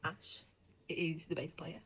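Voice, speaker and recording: A lower-voiced woman chatting casually as a book editor, animated and profane. She drops into breathy whispers when she gets worked up. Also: takes it slowly, poor audio.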